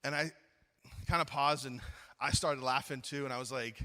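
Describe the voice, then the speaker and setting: A middle-aged man preaching at a youth conference, telling a funny story with lively acted-out dialogue, then slowing into earnest appeals. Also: a little high, in a large hall. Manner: animated, acts out his own story, then slows to earnest appeals. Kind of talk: storytelling sermon.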